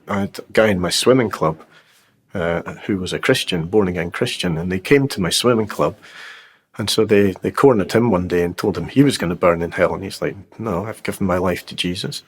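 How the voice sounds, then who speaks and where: Low husky man telling his story. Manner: reflective, with frequent fillers like "you know" and "um". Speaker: guest sharing a faith testimony. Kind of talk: personal storytelling.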